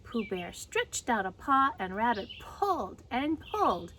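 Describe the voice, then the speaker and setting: Expressive woman reading a children's story. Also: fairly high pitch, unhurried, slight background noise. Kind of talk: children's read-aloud narration.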